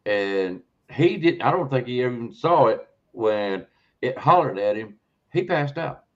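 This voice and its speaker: A male podcast host with a medium-pitched voice and lively intonation speaks at a measured pace. He rambles conversationally, repeats words, and checks in with "okay?" as he goes, all captured in dull lo-fi audio.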